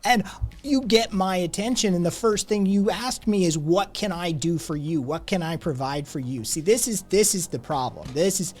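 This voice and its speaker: A man's voice: high-pitched, normal speed, darkish tone, voice pushed up. A man voicing a rude, entitled man who lectures a woman at a bar and rants indignantly when told off. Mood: condescending. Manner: condescending, ranting, indignant.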